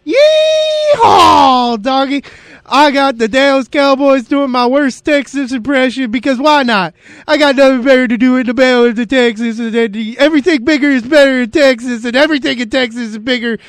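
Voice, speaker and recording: A man's voice: very high voice, brisk, dry recording. A man from New York making playful, jokey football picks on a casual sports show. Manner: playful, jokey, animated storytelling. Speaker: co-host picking games.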